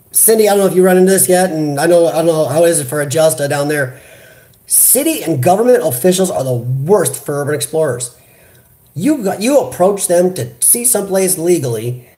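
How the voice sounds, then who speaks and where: An American man hosts a casual live chat, animated and talkative as he answers his viewers. He talks straight into a computer webcam. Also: on the high side. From United States. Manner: animated, chatty, reads viewer comments aloud. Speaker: livestream host. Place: hospital room.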